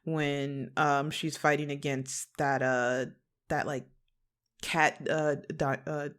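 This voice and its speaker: Low voiced woman guest on a podcast, giggly, lots of ums and restarts. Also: little pitch movement, slow, fairly bright tone. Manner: giggly, many fillers and restarts. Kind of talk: casual fan chat.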